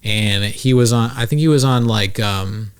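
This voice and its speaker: A man's voice: on the low side, normal speed, clear, resonant tone. A man hosting a podcast in casual chat, rambling and swearing, with lots of "like" as filler. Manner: rambling, profane, heavy use of "like". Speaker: podcast host.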